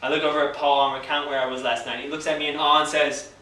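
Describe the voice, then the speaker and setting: A man's voice: on the high side, level tone, quick pace, very noisy. Man telling a story in an echoey room. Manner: wry, vivid, laughs at his own story. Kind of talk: live storytelling performance. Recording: echoey room, distant mic.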